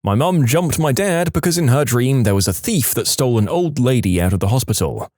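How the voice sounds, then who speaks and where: A man narrating submitted stories for a storytelling channel, with expressive, playful delivery. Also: medium pitch, brisk, dry recording, studio quality. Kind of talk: reading submitted stories aloud.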